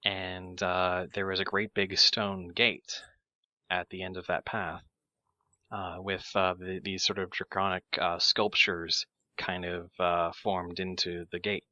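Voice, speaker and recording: A man running a tabletop game as game master, describing scenes haltingly with many pauses and fillers. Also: deep voice, little pitch movement, bright, forceful tone, dry recording, lo-fi sound.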